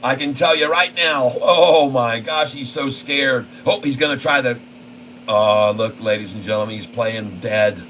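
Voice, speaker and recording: Male trading host, live commentary, folksy and excitable, bright sharp tone. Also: medium pitch, measured pace, slight background noise, rough recording. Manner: folksy and excitable, keeps addressing the viewers. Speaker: stock trading channel host.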